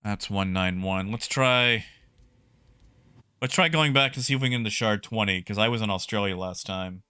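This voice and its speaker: A man streaming a space game live, talking to his chat in an excitable way and often repeating himself. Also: on the low side, normal speed, clear, resonant tone, no room sound, studio quality. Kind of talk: live gameplay commentary.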